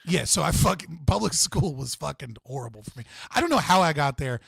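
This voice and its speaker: Casting note: male livestream host, a touch higher-pitched, profane and rambling, dry close mic. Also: lively intonation, brisk, gravelly, a bit bright, breathy edge, no echo. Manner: profane, rambling storytelling with frequent fillers. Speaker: streamer host. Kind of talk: casual livestream chat.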